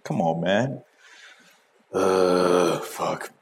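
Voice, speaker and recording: Deep-voiced profane podcast man. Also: expressive, drawn-out words. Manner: crude, profane, loud whooping reactions. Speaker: podcast host. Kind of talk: casual reaction commentary. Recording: echoey room, faint noise.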